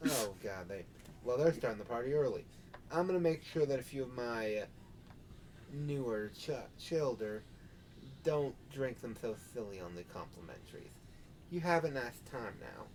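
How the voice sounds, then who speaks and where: A man's voice: medium pitch, expressive, normal speed, a little mellow, slight background noise. A man narrating as game master in a casual, loose way.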